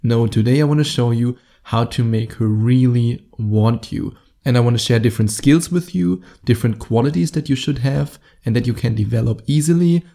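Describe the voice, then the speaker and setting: A man's voice: mid-range voice, normal speed, creaky, hardly any pauses, warm tone. A man with a German accent hosting his own podcast as a dating coach, talking straight to the listener in a direct, coaching way. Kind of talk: solo podcast monologue.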